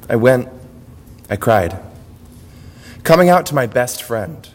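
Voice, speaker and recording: A man's voice: mid-range voice, lively intonation, a little slow, pauses often. A man performing a personal monologue on stage in short, clipped phrases. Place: university event hall. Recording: long hall reverb.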